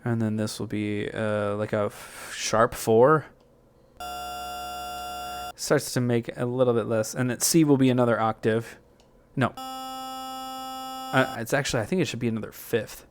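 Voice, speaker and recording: A man talks through a music software tutorial in a loose, thinking-aloud way, full of fillers and restarts. His pitch sits in an ordinary middle range. Clear background noise runs beneath his voice. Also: fairly even intonation, moderate pace.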